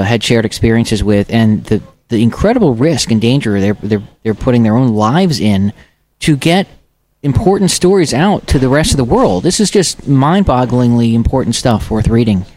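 A man's voice: medium pitch, darkish tone. A man hosting an interview, stumbling and repeating words as he talks. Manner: halting, stumbling over words. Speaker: host.

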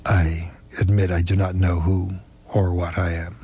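Man doing an old brooding vampire, low gravelly voice, quiet and measured. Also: level tone, heavily acted. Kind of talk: audiobook reading.

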